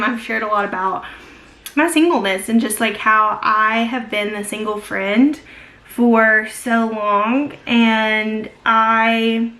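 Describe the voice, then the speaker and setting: A woman's voice: on the high side, fairly even intonation, slow, bright, forceful tone. A young woman chatting casually while she does her makeup, gushing and filling her talk with many "like"s. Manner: gushing, filler-heavy, many "like"s. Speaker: beauty vlogger. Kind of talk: casual get-ready-with-me chat.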